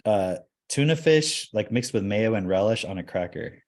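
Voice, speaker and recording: A man's voice: on the low side, animated, normal speed, darkish tone. A man from Texas hosting a podcast, chatting casually with a joking, rambling manner. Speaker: podcast host. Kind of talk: casual chat.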